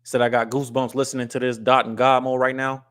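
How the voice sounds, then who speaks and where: A blunt, straight-talking man from the US West Coast hosts a casual live stream. He has a middle-pitched voice and often stops to read viewer comments aloud. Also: little pitch movement, fast talker, fairly bright tone, clear, resonant tone. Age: adult with wife and kids. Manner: blunt and scolding to chat, reads comments aloud. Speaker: livestream host.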